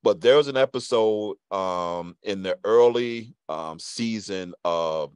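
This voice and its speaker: Deep-voiced Brooklyn man hosting a podcast. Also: slow pace, clean tone, no room sound. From Brooklyn, New York. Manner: relaxed, warm storytelling with many fillers. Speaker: podcast host. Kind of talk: casual interview chat.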